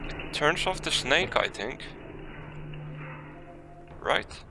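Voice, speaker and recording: Gravelly, swearing man playing a game. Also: fairly high pitch, lively intonation, drawn-out words, over music. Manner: swears often, frustrated outbursts, reads item text aloud. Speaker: let's play gamer. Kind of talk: casual gameplay commentary.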